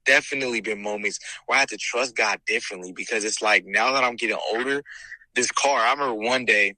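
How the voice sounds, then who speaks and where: A young man from California shares his faith journey in an earnest, animated voice that slips into preacher-like emphasis. His tone is bright and forceful, and the recording is dry and close. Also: on the low side, fast, dry recording, poor audio. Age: young adult. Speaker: guest, host's son. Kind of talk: casual faith conversation.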